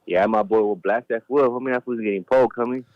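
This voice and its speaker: A man's voice: medium pitch, quick pace, dry recording. A man calling in by phone, talking tough with profane street slang and lots of "homie". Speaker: caller. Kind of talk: phone call-in. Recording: dull phone line.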